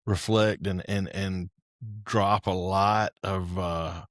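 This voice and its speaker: A male podcast host speaks in a fairly low voice during a casual interview. His delivery is halting, full of pauses and fillers. The sound is dry and close. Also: fairly even intonation, dry recording. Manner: hesitant, many fillers and restarts.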